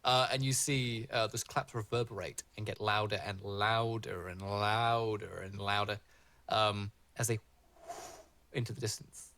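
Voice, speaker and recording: A man narrating a tabletop game as dungeon master, animated and rambling with fillers. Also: on the low side, measured pace.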